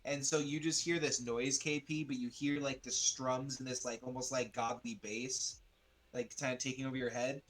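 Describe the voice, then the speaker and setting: A man's voice: mid-range voice, level tone, moderate pace, fairly bright tone. Guy gm rambling thru a tabletop scene, lots of likes and ums, regular mid voice. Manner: rambling, loose, full of fillers. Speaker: game master. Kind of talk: narrating a tabletop game.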